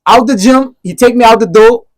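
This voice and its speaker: A man in his thirties telling stories as a podcast guest, animated and profane, rambling through anecdotes. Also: extremely high pitch, fairly quick, crowd noise. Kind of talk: casual storytelling.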